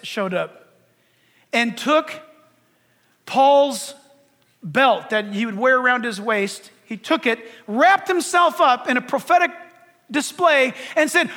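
A man with a very high, ringing voice preaches to his congregation in a long-echoing hall. He swings from loud, shouted lines to soft, intense near-whispers. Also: lively intonation, measured pace, pauses often. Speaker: pastor. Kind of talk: sermon.

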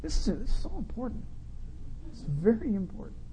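A male pastor preaching a sermon in a conversational, humorous way, full of rhetorical questions and swinging between loud and quiet. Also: sits high, very animated, a little fast, slight background noise.

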